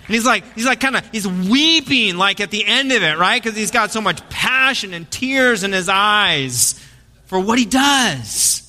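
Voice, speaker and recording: A male pastor with a high, strikingly bright voice, preaching in a church sanctuary. He talks in a casual storytelling way and slips in jokes. His voice carries a long reverb through the hall. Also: lively intonation, a little slow. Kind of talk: sermon.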